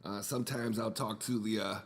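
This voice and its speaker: A man's voice: on the low side, steady tone, brisk, big-room sound. A man whose first language is Spanish, hosting a podcast alone from home. He rambles loosely, swears freely and jokes as he talks. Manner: loose, profane, joking and rambling. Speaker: podcast host. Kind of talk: casual solo podcast monologue.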